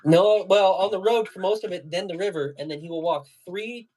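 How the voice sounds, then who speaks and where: A man's voice: sits high, fairly quick, darkish tone. A man chatting casually on a livestream while tying flies, rambling with slang and fillers. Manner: rambling storyteller, laughs while telling stories; loose slangy speech with many fillers. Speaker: fly and jig tier on a livestream.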